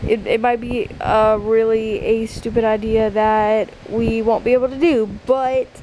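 A woman's voice: on the high side, level tone, unhurried, mellow, a little hiss or hum, poor audio. A woman vlogging casually at home at night, full of fillers and restarts as she talks. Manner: stammering, restarting, lots of fillers. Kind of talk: casual vlog chat.

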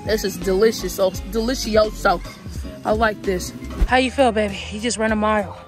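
A woman vlogging casually and cheering a pet on in a playful, loud way. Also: mid-range voice, steady tone, normal speed. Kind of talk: casual vlog chat. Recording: background music over the voice. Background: music.

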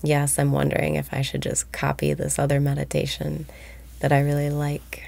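A woman guiding a meditation, speaking slowly and softly, often breathy and whispered. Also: low-pitched, completely flat delivery. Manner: slow, soft-spoken, often breathy and whispered. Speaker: meditation guide. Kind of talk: guided meditation.

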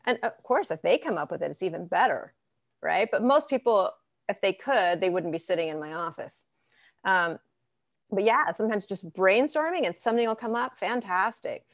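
A woman therapist answering interview questions in a lively, conversational way, acting out what clients say. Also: mid-range voice, fairly quick, dry recording, studio quality. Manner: lively, acts out clients' arguments in quotes. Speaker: therapist guest.

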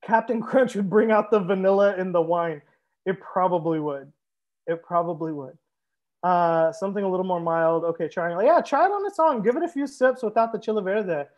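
A man's voice: high-pitched, normal speed, darkish tone, highs cut off. A young man hosting a live wine tasting as a sommelier, chatting casually and joking as he reads out viewer comments. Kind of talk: casual livestream chat.

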